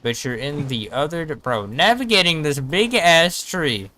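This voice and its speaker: A man's voice: on the high side, expressive, unhurried, sharp tone. A man giving casual, joking gameplay commentary, often talking to himself as he plays. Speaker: streamer.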